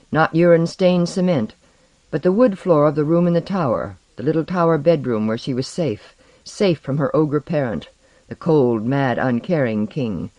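An audiobook narrator reading fantasy prose in a measured, dramatic way. The voice sits in the middle range. It is recorded very dry and close, with no room sound. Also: medium pitch, a little mellow, dry recording. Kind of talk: scripted narration.

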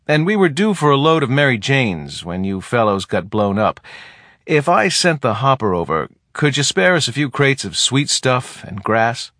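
A man's voice: mid-range voice, big pitch swings, moderate pace, a bit bright, no room sound, clean studio sound. A man voicing a brash, swaggering soldier captain who speaks in a cocky, offhand and coarse way. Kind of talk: audiobook character reading.

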